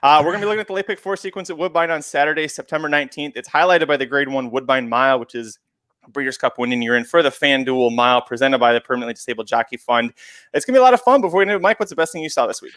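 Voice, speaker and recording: A man's voice: medium pitch, rapid-fire, fairly bright tone, no echo, clean studio sound. A man co-hosting a casual podcast chat, playful and full of fillers. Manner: chatty, playful, lots of filler. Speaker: podcast co-host. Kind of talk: casual chat about horse racing.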